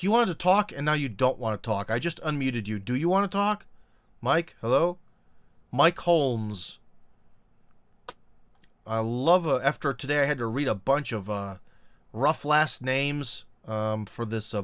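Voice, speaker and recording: A man running a casual live-stream discussion. He rambles through fillers and joking asides. His voice sits mid-pitch, dry and close to the mic. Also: a bit bright, clear, resonant tone, dry recording. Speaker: host.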